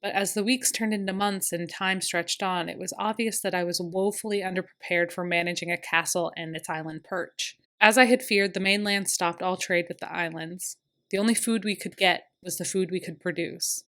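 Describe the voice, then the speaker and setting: A woman's voice: fairly low pitch, fairly bright tone. A woman narrating a first-person historical romance audiobook in an earnest, emotional way.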